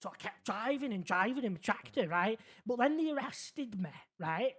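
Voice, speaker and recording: In a mid-range, animated voice with a slightly bright tone, a streamer stays in character as a rambling, naive young man in a city roleplay game. At normal speed he tells a long story earnestly and keeps asking whether the listener is following.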